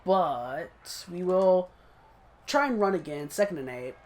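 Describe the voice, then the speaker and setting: Speaking slowly in an animated, high voice, a man hosting a gaming channel casually talks through his own football video game match. He's chatty and self-critical and keeps laughing briefly.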